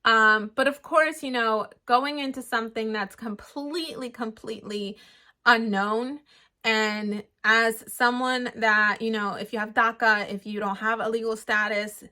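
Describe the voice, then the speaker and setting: A woman's voice: on the high side, measured pace. A young woman who grew up in the United States tells a personal story in a vlog, acting out what she thought at each moment. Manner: animated retelling, acting out her own thoughts. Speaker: vlogger.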